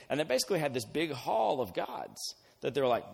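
A man's voice: medium pitch, very animated, a little fast, gravelly, husky. A man casually retelling a Bible story as a youth pastor, acting out the characters in slang. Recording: long hall reverb.

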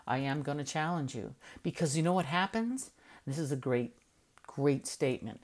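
A woman's voice: low-pitched, lively intonation, fairly quick, darkish tone. A middle-aged woman hosting a weekly motivational talk, encouraging listeners and repeating key phrases for emphasis. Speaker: host of a weekly motivational show.

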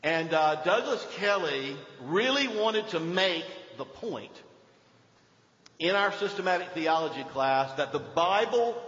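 An older man preaching a sermon, swinging between emphatic lines and hushed ones. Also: high voice, lively intonation, measured pace. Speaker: pastor. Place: church sanctuary. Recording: dull echoey church hall recording.

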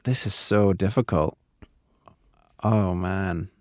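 A man co-hosting a podcast and guessing in a lyrics quiz, animated and self-mocking, laughing and groaning often. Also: low-pitched, slow, no room sound, studio quality. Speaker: podcast co-host and quiz contestant. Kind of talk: casual chat.

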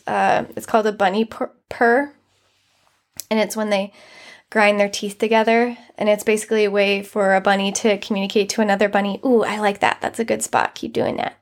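A young woman hosts her podcast solo, talking in an earnest, chatty way that is full of fillers. Her voice sits a little high for a woman. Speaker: podcast host. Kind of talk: casual solo monologue.

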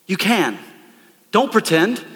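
A man preaching a lively, conversational sermon from a church stage, calling out to the congregation. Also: high voice, slow, long reverb tail. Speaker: pastor. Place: church sanctuary.

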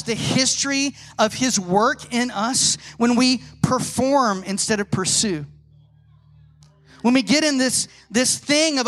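A man preaching a sermon to a congregation, telling animated stories and asking rhetorical questions. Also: extremely high pitch. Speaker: pastor.

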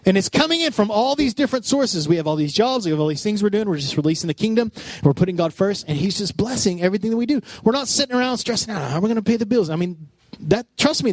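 A man in his thirties preaching a personal, animated sermon, with frequent restarts as he talks. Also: high voice, no echo. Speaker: pastor.

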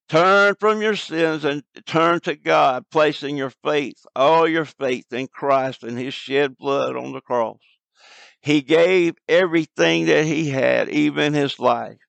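A man preaching an evangelistic sermon, slow and earnest, pleading with his listeners. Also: mid-range voice, creaky, no room sound, low-quality recording.

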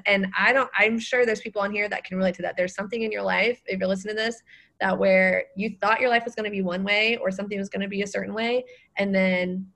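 A woman's voice: medium pitch, fairly bright tone. A woman hosting a faith podcast, speaking in an encouraging, reflective way to her guest and listeners. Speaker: podcast host. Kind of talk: conversational interview.

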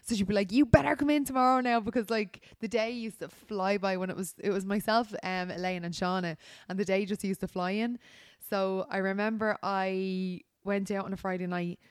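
A woman's voice: medium pitch, steady tone, moderate pace, hardly any pauses, smooth, no room sound. A woman in her thirties with an Irish accent, co-hosting a podcast and telling stories animatedly, acting out voices and laughing often. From Ireland. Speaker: podcast co-host. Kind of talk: casual chat.

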